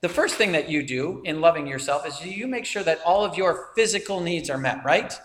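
A man's voice: fairly high pitch, lively intonation, a bit bright, slight background noise. Earnest preaching man in an echoey hall. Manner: earnest, measured, asks "right?" and "okay?" to the listener. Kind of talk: sermon.

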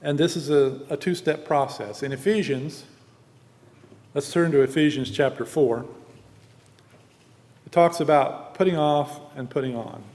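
A man preaching a sermon and reading scripture, earnest and teaching, slowing down for emphasis. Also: a little high, a little mellow. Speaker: pastor. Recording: long hall reverb.

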